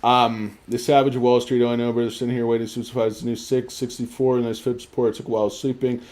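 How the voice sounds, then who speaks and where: A man hosting a casual stock-market livestream, reading viewer comments aloud in a halting way with many fillers. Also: mid-range voice, level tone, darkish tone. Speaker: livestream host.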